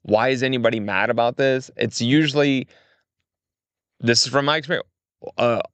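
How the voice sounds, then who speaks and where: A young adult man, chatting casually as a podcast guest, animated and acting out quotes with big pitch jumps. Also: normal speed, clear, resonant tone, no room sound. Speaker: creative director, guest.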